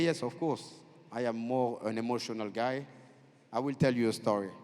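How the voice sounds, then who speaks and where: A man with a French accent chats on a festival stage, spinning animated stories in halting, restarting phrases. His voice sits in a middle register. The sound carries a long reverb from the hall. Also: medium pitch. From France. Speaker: festival guest. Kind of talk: on-stage conversation.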